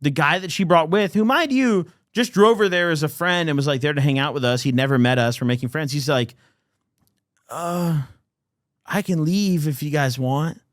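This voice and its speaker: A young man spins a messy story for his co-host, his voice a touch higher than most men's. The sound is dry and close, with no room around it. He throws himself into the quotes, cussing and mimicking freely. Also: fast, hardly any pauses, no echo. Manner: animated, acts out quotes with swearing. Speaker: podcast host. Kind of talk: casual storytelling chat.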